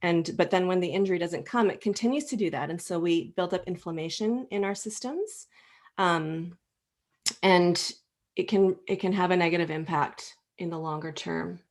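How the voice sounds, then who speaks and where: A woman's voice: fairly low pitch, moderate pace. A woman who works as an acupuncturist gives an informal educational talk on stress and fertility, speaking earnestly and conversationally with frequent fillers and restarts. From Canada. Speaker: acupuncturist and clinic co-owner giving a health talk. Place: indoors, presenting slides.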